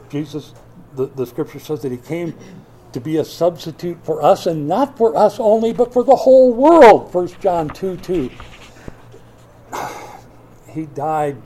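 Slow, dark-voiced man preaching. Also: slight background noise. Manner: swings from loud emphatic bursts to quiet low asides; wry, joking delivery with mock quotes. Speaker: pastor. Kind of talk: sermon.

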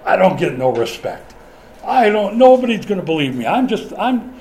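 A man's voice: high voice, big pitch swings, normal speed, a little mellow, slight background noise, voice pushed up. An older preacher acting out an anxious, whining male prophet who fears nobody will believe him. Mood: self-pitying. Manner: whiny, pleading.

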